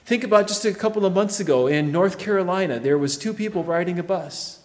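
A man preaching a sermon as pastor, emphatic, swinging from loud declarations to quiet, low phrases. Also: fairly quick, in a large hall.

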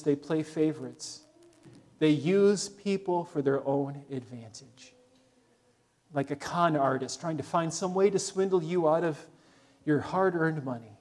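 Earnest higher-voiced male preacher. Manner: earnest, urging, dropping soft on solemn points. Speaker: pastor. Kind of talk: sermon.

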